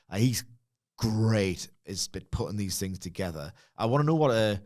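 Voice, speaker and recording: A man's voice: lowish voice, animated, moderate pace, a little mellow. A man co-hosting a podcast in casual chat, making wry, offhand remarks. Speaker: podcast co-host.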